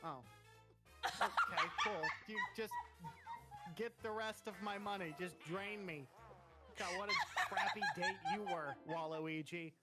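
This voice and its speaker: A woman's voice: fairly low pitch, lively intonation, a little slow, loud music behind the voice. A young woman playing games with friends, teasing, sarcastic and dramatic. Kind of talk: casual gaming chat.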